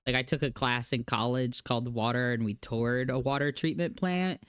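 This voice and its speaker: A woman co-hosting a podcast, talking in an animated, casual way, swearing freely and filling her speech with "like". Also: extremely low pitch, moderate pace, smooth, no echo, studio quality. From United States. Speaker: podcast co-host. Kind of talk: casual chat.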